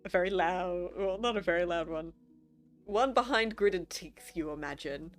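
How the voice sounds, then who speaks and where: A woman's voice: fairly low pitch, normal speed, faint music behind. A woman narrating a tabletop role-play game as game master, in a casual, filler-heavy way.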